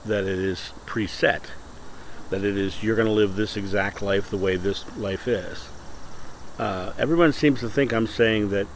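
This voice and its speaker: A man's voice: fairly low pitch, vocal fry, slight background noise, rough recording. A man hosting a casual morning talk, earnest and often restarting his sentences. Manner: earnest, self-correcting with many restarts. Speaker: spiritual channel host.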